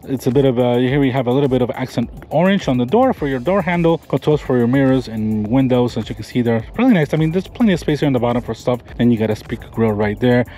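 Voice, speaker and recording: A Florida man reviewing a pickup truck on his vlog talks at a quick pace with hardly any pauses, his mid-range voice expressive and mellow. He walks around and sits inside the truck, eagerly highlighting details, rambling and often starting his sentences over. Faint music plays behind him.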